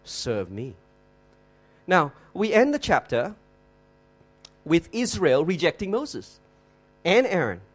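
A very animated, high-voiced man preaches an expository sermon emphatically, slowing down and repeating words for effect and asking rhetorical questions.

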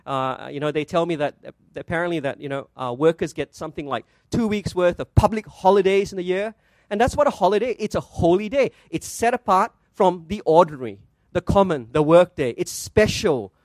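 High-voiced pastor preaching a sermon. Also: male voice, a little mellow, no room sound. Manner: asks rhetorical questions, stresses words slowly.

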